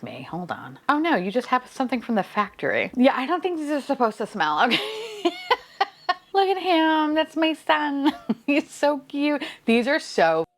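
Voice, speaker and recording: A woman with a high, very animated voice talks at normal speed while unboxing blind-box toys on camera. As a vlogger, she chats playfully and casually, swearing, laughing, and sometimes dropping to a whisper.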